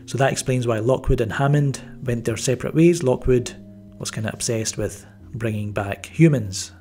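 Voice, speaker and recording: A man's voice: medium pitch, normal speed, a little mellow, faint music behind. A man giving a casual spoken movie review, rambling with many fillers and restarts and a wry, mildly sarcastic edge. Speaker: film reviewer.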